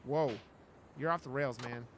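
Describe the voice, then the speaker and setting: A man voicing a weary, sarcastic male game hero who mocks and sighs in a lowered voice. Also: unhurried, a bit bright, slight background noise, close to an everyday voice. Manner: dry, mocking, exasperated.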